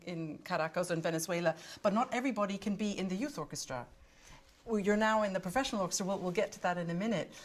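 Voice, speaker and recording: A woman hosting a casual interview, eager and quick with questions, often laughing. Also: medium pitch. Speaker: host. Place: indoor room at a live gathering.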